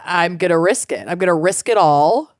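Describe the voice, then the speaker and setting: A woman's voice: fairly low pitch, normal speed, no room sound, clean studio sound. Chatty, foul-mouthed woman co-host. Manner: chatty, swears freely, laughs often. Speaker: podcast co-host. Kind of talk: casual chat.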